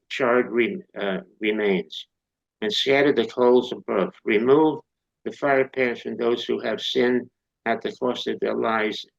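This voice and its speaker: A man reads scripture aloud to a study group in a gravelly voice, fixing his small slips. The recording is dull and muffled. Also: medium pitch.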